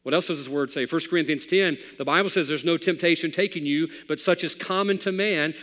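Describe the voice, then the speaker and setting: A man preaching a sermon as pastor, swinging between loud passages and hushed ones. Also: fairly high pitch, brisk, in a large hall.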